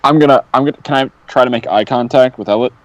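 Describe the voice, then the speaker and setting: A man's voice: mid-range voice, quick pace, poor audio. A man playing in a tabletop game, eager and scheming, often restarting his sentences. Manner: eager, scheming, repeats himself. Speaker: player.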